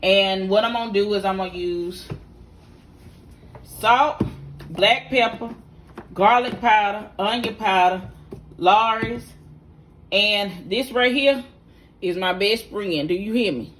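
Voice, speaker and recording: Here a middle-aged home cook and vlog host demonstrates a recipe in her kitchen, speaking slowly with long pauses in a medium-pitched, slightly bright voice. Her manner is casual, folksy and instructive, and she addresses viewers directly. There is slight background noise.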